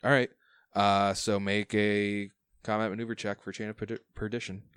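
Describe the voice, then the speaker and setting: A man acting as game master, explaining rules in a measured way with frequent restarts. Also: fairly low pitch, little pitch movement, a bit bright, clear, resonant tone, dry recording, clean studio sound. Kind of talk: running a tabletop game.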